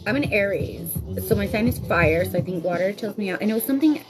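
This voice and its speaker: A woman's voice: mid-range voice, lively intonation, fast talker, music in the background. A woman hosting a livestream in casual chat, giggly and talkative, reading viewer comments aloud. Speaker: livestream host. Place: Guam.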